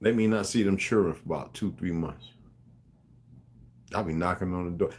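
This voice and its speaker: Pausing frequently, a low-pitched man speaks at a moderate pace in a slightly mellow voice during an unscripted livestream rant. He swears emphatically, rambles, and calls out chat viewers by name.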